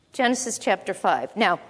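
A woman's voice: medium pitch, a bit bright, husky. A woman teaching a sermon, reading Bible verses aloud and explaining them in a conversational way with asides to her listeners. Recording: long echo of a large hall.

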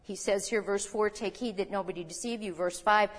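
A woman's voice: mid-range voice, brisk. An older woman in her seventies giving conversational Bible teaching as a teacher, folksy, with chuckling asides and rhetorical questions. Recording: reverberant hall.

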